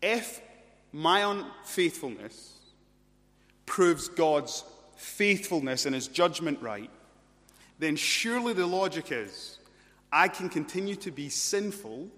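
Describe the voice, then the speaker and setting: A man's voice: fairly high pitch, a bit bright, big-room sound. A man voicing an imagined male objector in a courtroom, pressing an argument with repeated questions.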